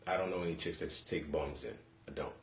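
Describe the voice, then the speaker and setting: A man's voice: a bass voice, steady tone, quick pace, a little hiss or hum. A young man from Harlem, hosting a live webcast from home and chatting bluntly with viewers in slang. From Harlem, New York City. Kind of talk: casual live-stream chat. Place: room in his home. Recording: echoey room.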